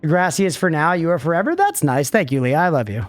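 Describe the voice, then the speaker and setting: A man's voice: fairly high pitch, big pitch swings, a little fast, no room sound. A man in his thirties streaming a game, rambling casually, laughing often and swearing to chat. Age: 30s. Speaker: livestreamer. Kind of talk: casual gaming commentary to chat.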